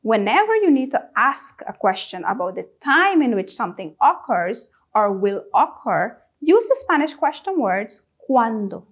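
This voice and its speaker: A woman's voice: on the high side, big pitch swings. A woman teaching a language lesson, drilling each question word and asking the listener to repeat after her. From Guyana. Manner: drills words, pausing for repetition. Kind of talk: slow, deliberate classroom instruction.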